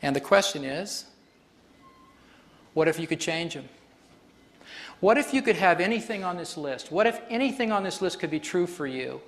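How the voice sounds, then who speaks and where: Chatty man teaching on stage. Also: fairly high pitch. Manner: chatty, explanatory, laughs often. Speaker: workshop facilitator. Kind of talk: live stage demonstration lecture. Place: stage before an audience.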